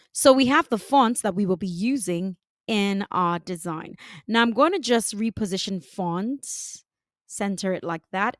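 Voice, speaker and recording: A woman narrating a screen-recorded design tutorial, giving unhurried step-by-step instructions. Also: mid-range voice, no echo, clean studio sound.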